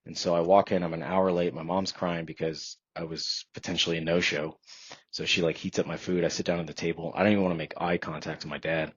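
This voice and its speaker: A man's voice: low-pitched, little pitch movement, fast, slightly rough, dry recording. A man in his thirties, a podcast guest, telling a personal story in an earnest, reflective way with many fillers. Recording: dry, slightly dull podcast audio.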